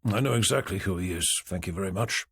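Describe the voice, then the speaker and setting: A man's voice: sits low, quick pace, husky, no room sound, clean studio sound. A man voicing a brooding detective chief inspector who speaks tersely and coldly, in an audiobook reading. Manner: terse, muttering, cold.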